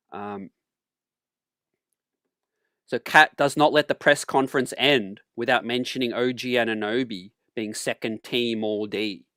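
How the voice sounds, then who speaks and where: Laid-back and casual, a sports talk channel host addresses his audience as fam and as ladies and gentlemen, frequently clearing his throat. He has a medium-pitched voice, and the recording is dry and studio quality.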